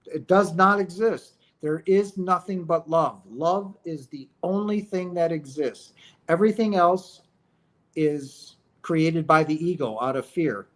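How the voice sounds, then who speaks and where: Unhurried and fairly high in pitch, the host of a spiritual livestream talks about near-death experiences. His delivery is emphatic and sermon-like, full of rhetorical questions, frequent "right?" checks and shout-outs to "guys."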